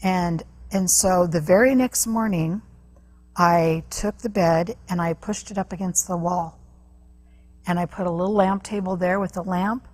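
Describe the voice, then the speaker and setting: A woman guest on an interview show, telling a personal story earnestly, with halting restarts. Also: on the low side, fairly even intonation, darkish tone. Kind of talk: personal testimony in a talk interview.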